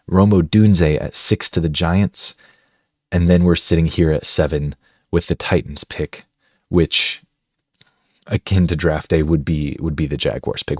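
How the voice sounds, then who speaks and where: Low, husky-voiced man chatting football. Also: a little mellow, no echo, studio quality. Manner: chatty, conversational, thinks aloud. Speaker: sports video host. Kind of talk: casual football draft analysis.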